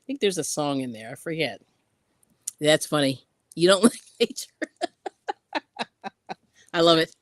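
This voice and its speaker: A woman's voice: sits low, very animated, measured pace, long pauses, no echo, clean studio sound. A woman hosting a casual craft live stream, chatting and laughing often as she reads out viewer comments while sewing in yarn ends.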